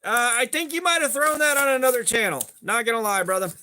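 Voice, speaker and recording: A man from the southeastern United States hosts a livestream, rambling casually, greeting viewers by name and swearing offhandedly. His voice is very high, quick, bright and forceful, with slight background noise.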